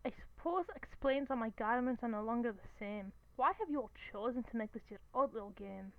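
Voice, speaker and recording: A grumpy pumpkin-headed man, put on by a woman, speaks with a thick Scottish accent. He sounds quiet and drowsy, with formal, old-fashioned words and a voice pitched high for a man, in a casual fanfic read with friends. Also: expressive, a little fast, phone-quality sound, crowd noise. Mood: sluggish.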